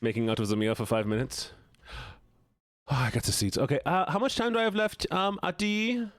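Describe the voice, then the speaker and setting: A man chatting casually with his live-stream audience while playing a game, joking, playful and quick to laugh. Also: a little high, fairly even intonation, no echo. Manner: playful and joking, laughs often, teases chat.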